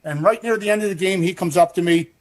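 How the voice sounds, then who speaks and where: A man's voice: sits high, fast. Matter-of-fact male ex-referee telling a story. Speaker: former basketball referee. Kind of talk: recorded interview clip.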